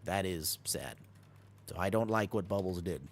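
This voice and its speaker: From his home streaming room, a low-voiced man live-streams a video game, talking fast and casually over the action. He hops between coaching his team and answering chat, with slight background noise present.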